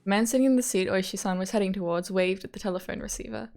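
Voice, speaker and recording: A woman streamer reads the game's text aloud at an even, mid-range pitch, slipping into casual, giggly asides between passages. Her tone is playful and unhurried, with easy repetitions and laughs folded into the narration. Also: gravelly. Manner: giggly, repeats words playfully. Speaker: streamer reading a visual novel aloud.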